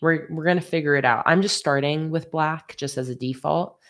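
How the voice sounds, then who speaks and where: Here a woman with a low-pitched voice talks fairly quickly during a casual livestream. She works on sticker designs, reading viewer comments out loud and laughing along easily.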